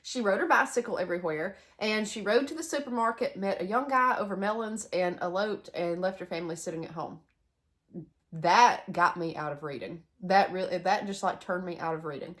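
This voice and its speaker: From a house's sunroom bedroom, a young woman who runs a homestead vlog chats casually to the camera in her Southern US accent, rambling and adding asides. She talks fairly quickly in a mid-range, slightly bright voice.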